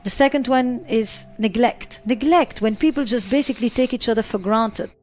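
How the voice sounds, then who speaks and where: A woman's voice: on the high side, moderate pace, darkish tone, faint music behind. A middle-aged woman psychotherapist answering interview questions, driving points home with repeated phrases and lists.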